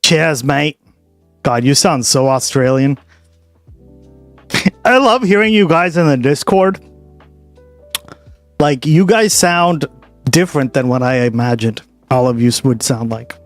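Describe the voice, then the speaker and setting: A man's voice: mid-range voice, slow, long pauses. A streamer with a mid-range voice talks in a laid-back way and reacts to his chat. Faint music plays behind him. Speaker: streamer host.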